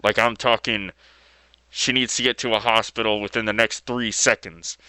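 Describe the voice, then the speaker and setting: A man's voice: fairly low pitch, flat delivery, normal speed, pushed and bright, no echo. A man casually retelling a story as video host, laid-back and loose with fillers and mild slang.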